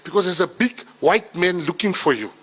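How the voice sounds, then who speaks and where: Scolding South African mother, higher voice, a man putting her on. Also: animated, a little fast, fairly bright tone, slightly rough, heavily acted. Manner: accusing, weary. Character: worried scolding mother, older woman.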